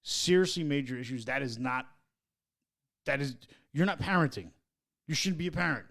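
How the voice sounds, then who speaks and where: A man's voice: mid-range voice, normal speed, fairly bright tone. A man co-hosting a casual podcast chat, reading passages aloud and then arguing his point emphatically, laughing often. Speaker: podcast co-host.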